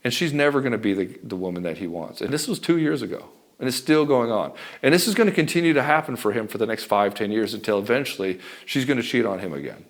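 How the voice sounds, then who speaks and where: A man's voice: mid-range voice, expressive, fast talker, hardly any pauses. A middle-aged man giving blunt, profane relationship advice straight to camera as a coach. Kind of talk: direct-to-camera advice talk.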